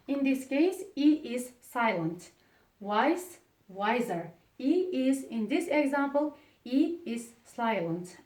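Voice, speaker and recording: A woman with an Uzbek accent teaches English grammar to pupils, speaking slowly and haltingly with many fillers. Her voice sits fairly high. It sounds echoey and comes from some distance across a classroom. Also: a little mellow. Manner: slow, halting delivery with many fillers, stresses example words.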